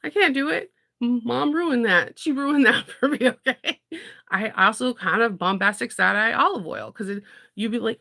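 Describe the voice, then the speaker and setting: A woman's voice: a little high, normal speed, gravelly, sharp tone. A woman in casual chat, rambling through stories with frequent laughter. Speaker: content creator.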